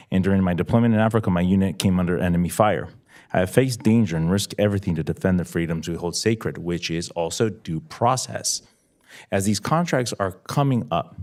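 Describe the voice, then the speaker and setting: A man giving public comment at a county board meeting, impassioned and emotional, his voice rising as he presses the board. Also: deep voice. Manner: impassioned, rising to near shouting.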